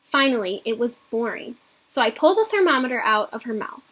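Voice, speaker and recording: Teacher, woman, expressive read-aloud; husky, slightly high voice. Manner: expressive storytelling, pausing to explain the story. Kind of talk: reading a children's book aloud in a lesson.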